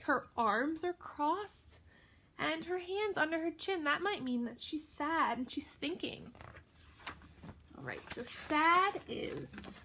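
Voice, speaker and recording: A young adult woman teaching a video lesson to young children, talking in a slow, sing-song, encouraging way. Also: high-pitched, a bit bright, slight background noise. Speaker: pre-K teacher.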